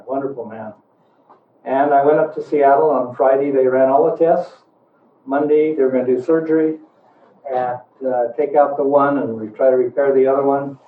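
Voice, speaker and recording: A man's voice: medium pitch, slight background noise. Older man, folksy storyteller, distant tinny mic in an echoey hall. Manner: folksy, rambling, with chuckles. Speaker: speaker giving a talk. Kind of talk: storytelling to an audience.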